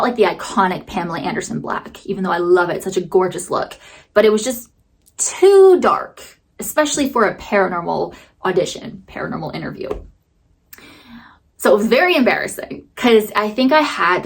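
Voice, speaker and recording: A young woman vlogger telling a story to camera in a bubbly, chatty way, full of fillers. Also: medium pitch. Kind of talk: casual chat to camera.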